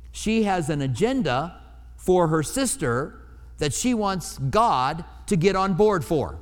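A man's voice: on the high side, big pitch swings, slow pace, big-room sound. A man preaching a sermon in a conversational way, acting out the quoted lines in different voices. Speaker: pastor.

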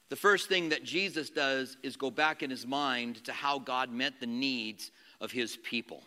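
Man, pastor, sermon, bright forceful voice, animated with rhetorical questions. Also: medium pitch, unhurried, hardly any pauses, big-room sound. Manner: animated preaching with acted-out quotes and rhetorical questions.

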